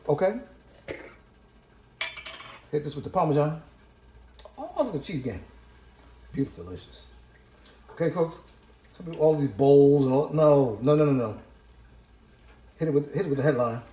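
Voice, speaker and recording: A man with a fairly high voice hosts a cooking vlog from his home kitchen. He is hyped and chatty, repeating catchphrases and calling out to his viewers as cooks. The room is echoey, with a faint hiss underneath. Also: warm tone. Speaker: cooking vlogger. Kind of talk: casual cooking chat to camera.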